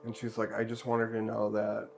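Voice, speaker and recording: A man's voice: lowish voice, completely flat delivery, fairly quick, creaky, soft background music. A man giving a live-streamed tarot reading in a chatty, joking way, relaying what the spirits tell him. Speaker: tarot card reader.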